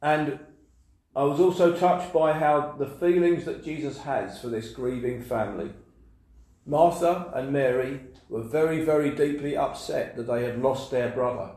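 A man's voice: medium pitch, measured pace, darkish tone. Earnest male preacher in echoey hall. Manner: earnest, repeats phrases for emphasis. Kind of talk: sermon. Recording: very echoey room.

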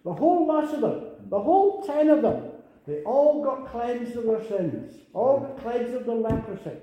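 A man's voice: very high-pitched, sing-song, moderate pace, warm tone. An older man preaching a sermon earnestly, repeating phrases and rising to emphatic calls. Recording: very echoey room.

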